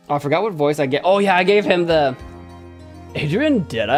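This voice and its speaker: A man's voice: a little high, brisk, soft background music. A man giving casual, joking commentary while playing through a story game. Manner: animated, joking, laughs a lot. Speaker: gaming video host.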